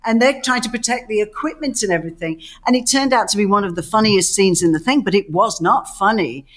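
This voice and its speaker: A woman's voice: medium pitch, quick pace. A middle-aged woman co-hosting a casual chat, telling stories with many restarts and acting out the quotes. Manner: lively storyteller who acts out quotes, many restarts. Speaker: podcast co-host.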